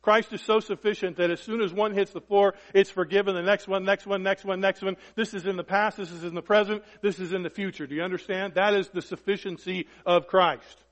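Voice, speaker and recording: A man preaching a sermon emphatically, peppering it with rhetorical questions and swinging from loud to hushed. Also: high-pitched, fairly even intonation, fairly quick, few pauses. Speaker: pastor. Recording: dull lo-fi recording with long hall reverb.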